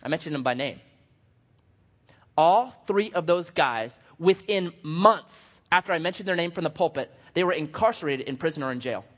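A man's voice: on the high side, normal speed. A male pastor giving a casual, conversational sermon, acting out quotes and joking at his own expense. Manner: animated, conversational and self-deprecating, acting out quotes. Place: church sanctuary. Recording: dull lo-fi audio in a long-reverb church hall.

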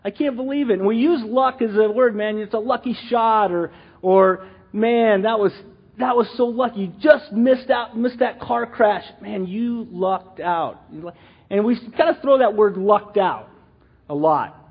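Middle-aged man, church teaching, high husky voice, muffled lo-fi sound, rambling and animated. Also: unhurried. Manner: rambling, animated storytelling with many restarts and asides. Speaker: lay teacher.

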